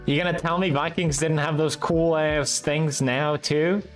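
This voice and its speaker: Brief: young man, slightly high voice, ranting sarcastically on camera. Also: fairly even intonation, measured pace, soft background music. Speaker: video host. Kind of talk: casual reaction commentary.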